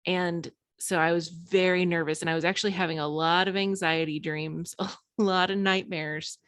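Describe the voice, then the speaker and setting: A woman in her thirties, an author guesting on a podcast, gives a candid interview with frank, self-deprecating humor, often laughing between phrases. Her fairly low, clear, resonant voice is fairly bright and fairly even at a moderate pace, in a dry, studio-quality recording.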